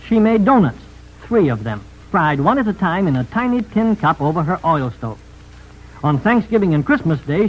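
A man's voice: high-pitched, breathy edge, lo-fi sound. A man telling a story in a folksy radio style, chatty asides to the listener.

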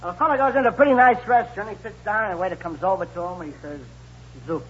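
A man on a radio comedy panel telling a joke briskly and deadpan. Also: high-pitched. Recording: dull radio recording from off-mic, faint noise.

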